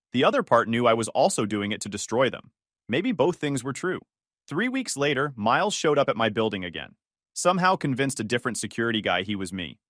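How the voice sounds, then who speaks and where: A man reading a first-person story in a flat, measured way. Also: mid-range voice, no room sound, clean studio sound. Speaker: narrator.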